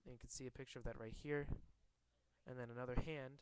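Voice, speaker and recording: A man's voice: medium pitch, steady tone, smooth, no room sound, rough recording. A man casually reading a comic aloud and commenting on it, often stumbling and rereading lines. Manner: halting, rereads and corrects himself. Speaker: comic reader.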